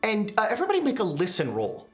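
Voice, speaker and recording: A woman's voice: medium pitch, huge pitch swings, fast, faint music behind. A woman running a tabletop roleplaying game as game master, playful and teasing.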